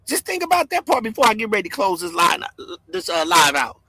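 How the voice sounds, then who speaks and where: Man, very high voice, bright sharp tone, yelling livestream host, dry close sound. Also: very animated, a little fast, husky, no echo. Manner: yelling, fired-up, cursing. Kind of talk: loud commentary livestream. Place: home.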